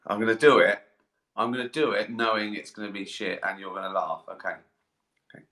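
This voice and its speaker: A man's voice: on the low side, steady tone, brisk, sharp tone. A middle-aged man chatting casually on a live stream, rambling, swearing freely and poking fun at himself. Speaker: comedian answering fan questions. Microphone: webcam or phone mic. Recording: echoey room.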